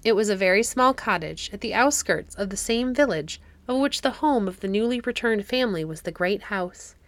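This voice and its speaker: A woman narrating a classic fairy-tale audiobook in a measured storytelling manner. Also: medium pitch, animated, no room sound.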